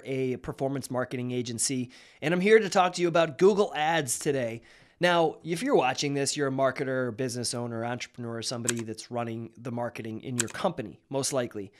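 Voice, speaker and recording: A man who founded a marketing agency, hosting a conversational explainer, sounding nasal and a little raspy after being sick. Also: mid-range voice, noisy background. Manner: energetic, conversational, with fillers. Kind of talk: direct-to-camera explainer.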